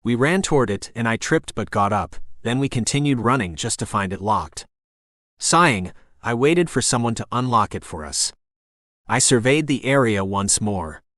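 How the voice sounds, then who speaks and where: A man narrating a first-person novel as an audiobook in a steady storytelling voice. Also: medium pitch, moderate pace, dry recording, clean studio sound.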